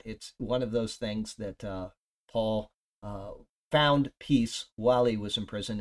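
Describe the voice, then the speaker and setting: A man's voice: lowish voice, a little mellow. Rambling man giving a casual Bible talk. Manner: rambling, conversational, with many fillers and restarts. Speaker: Bible teacher.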